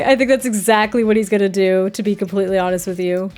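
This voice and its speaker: A woman's voice: mid-range voice, fairly even intonation, fast talker, few pauses, a little mellow, soft background music. A young woman giving casual, chatty let's-play commentary, reacting and laughing often. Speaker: game streamer.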